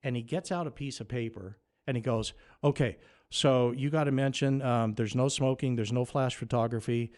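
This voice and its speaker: A man telling a funny story in a casual chat, lively and animated, often climbing to excited near-shouts at the punchlines. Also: mid-range voice, moderate pace. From Nevada. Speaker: radio host guest.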